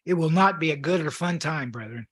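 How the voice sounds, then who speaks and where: A man preaching a sermon, reading scripture in an earnest, measured way while losing his voice. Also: a little high, a bit bright, slightly rough.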